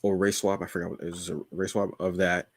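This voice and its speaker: A man co-hosting a podcast, chatting casually and rambling with lots of halting fillers. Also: sits low, little pitch movement, husky, dry recording, studio quality. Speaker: podcast co-host. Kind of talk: casual chat.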